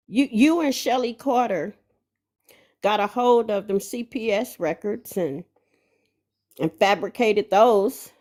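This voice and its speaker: A woman's voice: mid-range voice, lively intonation, measured pace, a little mellow. A woman speaking as a guest on a live stream, pressing pointed questions and repeating the other person's name. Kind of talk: confrontational questioning.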